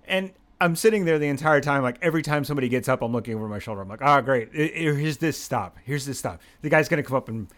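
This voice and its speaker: A young adult man from Pennsylvania hosting a podcast, telling a story in a rambling, animated, self-mocking way and swearing freely. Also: medium pitch, quick pace, hardly any pauses. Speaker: podcast host. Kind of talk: casual storytelling monologue.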